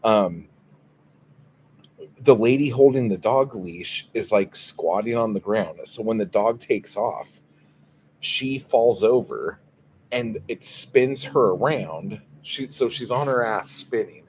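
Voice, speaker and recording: Casual livestream host, man, lowish voice, profane and fed up, light background hiss. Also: takes it slowly, a little mellow. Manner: profane, exasperated storytelling. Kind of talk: casual livestream chat, reading viewer comments.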